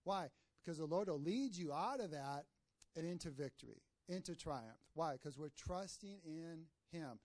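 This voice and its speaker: High-voiced preacher calling for amens. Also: male voice, animated, moderate pace, a little mellow, no room sound. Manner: call-and-response, asks the congregation for amens; tells jokes and stories mid-sermon. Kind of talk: sermon.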